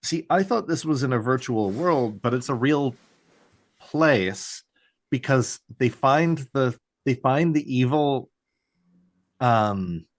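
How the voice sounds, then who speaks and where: A man's voice: medium pitch, animated, slow pace. A man co-hosting a podcast, recapping a TV episode in casual chat, rambling with lots of fillers and cussing. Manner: rambling, heavy "like" fillers, swearing, mock voices for characters. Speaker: podcast co-host.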